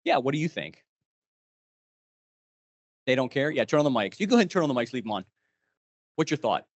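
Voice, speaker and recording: A man runs a live leadership workshop, firing questions at his group. His pitch swoops widely and expressively as he talks. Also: fairly quick, highs cut off. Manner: animated, quizzing the group. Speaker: leadership trainer.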